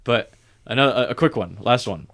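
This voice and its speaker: Young guy ranting about a coworker, swears a lot, does the voices, mid pitch. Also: fairly quick. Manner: animated, profane, acts out quotes. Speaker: podcast co-host. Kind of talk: casual storytelling chat.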